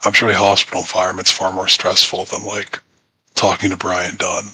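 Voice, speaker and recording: A man's voice: sits low, completely flat delivery, a little fast, sharp tone, slight background noise, low-quality recording. A man in a casual group voice chat, teasing and needling the others.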